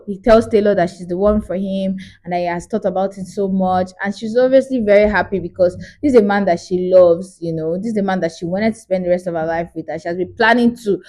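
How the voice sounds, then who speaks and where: Woman, casual vlog recap, gossipy and expressive. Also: medium pitch. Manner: animated, gossipy retelling with acted quotes. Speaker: movie reviewer.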